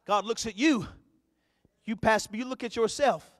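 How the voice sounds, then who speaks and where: A man preaching a sermon in a church, moving from quiet storytelling to loud, sung-out preaching. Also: sits high, unhurried. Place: church sanctuary.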